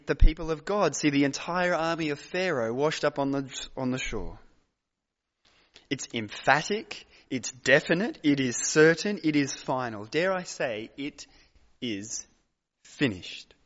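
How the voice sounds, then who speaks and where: A man preaching a sermon as pastor, emphatic, with dramatic pauses and repeated phrases, in a large hall. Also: a little high, expressive. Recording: dull recording with long hall reverb.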